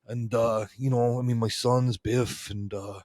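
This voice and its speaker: A man spinning a long, wandering yarn as a podcast co-host, stumbling over restarts and leaning on "you know" at every turn. His voice sits at an ordinary middle pitch and sounds dry and close, with no room around it. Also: level tone, measured pace, darkish tone, dry recording. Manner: meandering, peppered with "you know". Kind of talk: rambling comedic storytelling in character.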